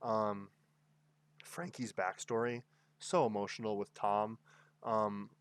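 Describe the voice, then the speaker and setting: A man talking in a somewhat low voice, chatting casually as he works through a ranking. He rambles eagerly, stacking up fillers and little tag questions as he goes. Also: level tone, slow pace, smooth. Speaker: anime reviewer. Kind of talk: casual tier-list commentary.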